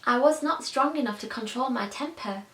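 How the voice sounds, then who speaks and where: A woman's voice: on the high side, moderate pace, echoey room. A woman doing a furious young prince. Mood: remorseful. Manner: shouting, indignant. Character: hot-tempered young prince, boastful and strong.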